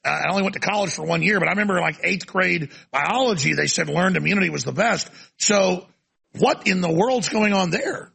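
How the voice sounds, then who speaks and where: A male talk show host ranting forcefully through a heated interview. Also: high-pitched, a little fast, creaky, breathy edge.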